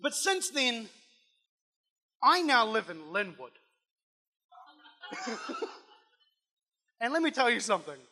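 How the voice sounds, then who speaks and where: Young kiwi guy doing stand-up, loud and punchy, swears a lot, bright edgy voice, club mic. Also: very high voice, big pitch swings, takes it slowly, pauses often. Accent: New Zealand. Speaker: stand-up comedian. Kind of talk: live stand-up set. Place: comedy club stage. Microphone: handheld stage mic.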